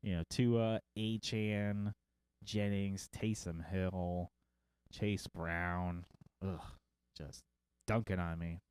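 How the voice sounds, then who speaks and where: Smooth low-voiced man hosting a sports show. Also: fairly even intonation, darkish tone, no room sound. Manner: rambling, reads off lists with quick asides; jokey and self-mocking. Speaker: fantasy football show host. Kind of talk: casual livestream commentary.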